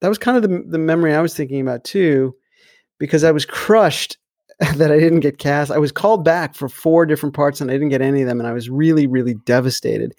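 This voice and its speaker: A man's voice: on the high side, fairly quick, darkish tone, dry recording, clean studio sound. A middle-aged man co-hosting a podcast, recalling memories in casual chat with frequent restarts. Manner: hesitant, repeats words while recalling. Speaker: podcast co-host.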